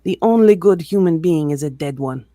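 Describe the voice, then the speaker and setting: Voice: mid-range voice, animated, normal speed, dark tone, dry recording, clean studio sound, natural voice. Reader doing storybook revolutionary pig, fake Russian accent, curt. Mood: fierce. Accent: attempted Russian. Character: revolutionary male pig leader, fierce and zealous.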